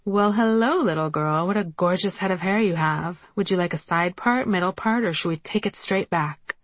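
A woman's voice: lowish voice, normal speed, dry recording, lightly acted. A woman voicing a flamboyant, fussy male hairdresser in a sing-song, fawning manner, within an audiobook memoir.

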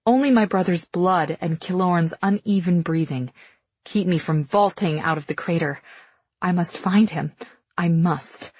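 Husky, low-voiced woman narrator. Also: unhurried, a little mellow, no room sound. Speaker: audiobook narrator. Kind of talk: scripted first-person narration.

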